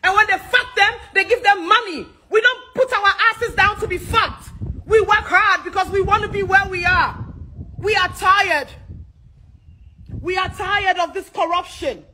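Very high-voiced, fiery Ghanaian woman. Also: unhurried, slight background noise, poor audio. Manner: loud, fiery, cursing. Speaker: social media commentator. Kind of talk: angry political rant.

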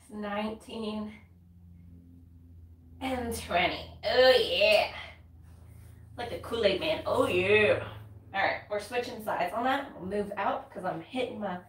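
Here a woman from North Carolina, a fitness content creator, gives casual instructions mid-workout, a little out of breath. Her Southern-accented voice is medium in pitch and fairly bright, and she counts reps, laughs and sighs between exercises, recorded with a distant mic in a roomy space.

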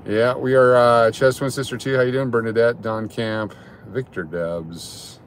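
A man's voice: medium pitch, fairly even intonation, a little slow, a little hiss or hum. A man livestreaming from his parked car in a parking garage, chatting casually and greeting viewers by name between rambling remarks. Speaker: livestream host. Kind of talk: casual live chat with viewers.

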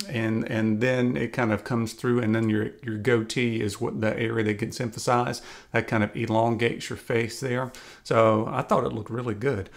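A man hosting his own beard channel, talking casually and chattily with lots of fillers as he gives beard advice. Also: mid-range voice. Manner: relaxed and chatty, frequent "uh" and "kinda". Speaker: YouTube beard channel host. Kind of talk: casual video commentary.

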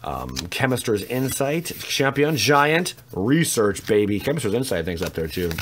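A man's voice: mid-range voice, normal speed, a little hiss or hum. A man making a casual, jokey video of opening trading card packs, rambling with teasing asides. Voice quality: lively, swooping delivery. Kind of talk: casual pack-opening commentary.

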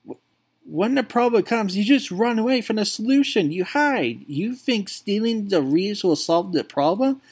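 A man's voice: lively intonation, moderate pace, slightly rough, full character voice. A man voicing a young homeless son who accuses and pleads with his father in a game playthrough. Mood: anguished. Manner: pleading, accusing, voice straining high.

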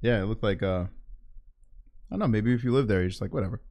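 A man's voice: lowish voice, normal speed, darkish tone. A man co-hosting a stream, chatting casually, rambling and unsure of himself, swearing freely. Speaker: stream co-host. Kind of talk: casual chat.

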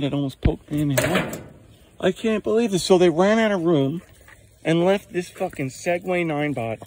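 A man's voice: sits high, darkish tone, a little hiss or hum, rough recording. A man filming his damaged belongings outdoors on a rainy night with a handheld phone, ranting in an angry, exasperated voice and swearing constantly. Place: outdoors at home at night in the rain.

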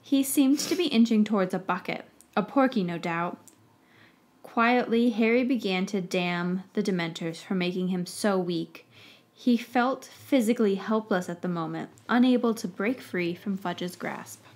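A woman podcast host reading fan fiction aloud with expressive storytelling narration. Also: mid-range voice, unhurried.

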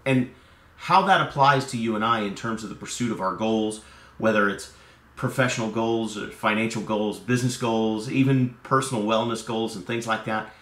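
A man's voice: on the low side, moderate pace. A man hosting a motivational vlog, talking casually and energetically to camera. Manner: conversational, energetic, acts out sales dialogues. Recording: roomy echo, distant from mic.

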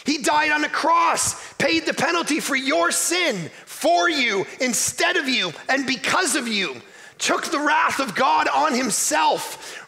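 A guest pastor from Canada preaching a sermon in a church, energetic and emphatic, joking with the congregation. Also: male voice, very high-pitched, creaky.

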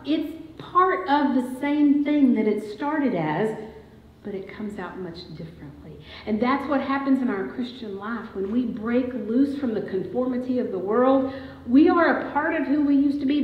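A woman preaching a sermon in a church, telling a family story and building to emphatic declarations. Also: mid-range voice. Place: church sanctuary. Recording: dull, echoey church recording.

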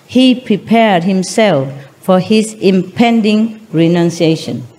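A woman's voice: on the low side, warm tone, a little hiss or hum. A woman teacher giving a spiritual lecture, retelling religious stories in simple non-native English and chuckling often.

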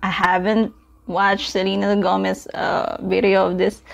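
A woman's voice: medium pitch, fairly even intonation, slow pace, creaky, lo-fi sound. A woman hosting a reaction video, speaking casually and gushing with repeated spelled-out exclamations about what she watches. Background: the reviewed song playing faintly.

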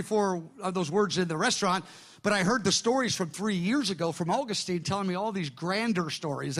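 A man's voice: high-pitched, a bit bright. A middle-aged male pastor telling a story in a sermon, acting out the voices of the people he quotes.

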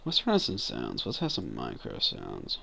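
A man giving relaxed gameplay commentary, often mumbling to himself. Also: a bass voice, normal speed, vocal fry, husky. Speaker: gamer.

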